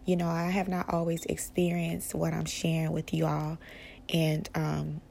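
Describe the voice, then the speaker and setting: A woman hosting a casual spiritual podcast, speaking softly and often slipping into a whisper, rambling with restarts. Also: sits low, monotone, a little slow, vocal fry, slight background noise. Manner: soft-spoken, often drifting into a whisper. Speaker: podcast host.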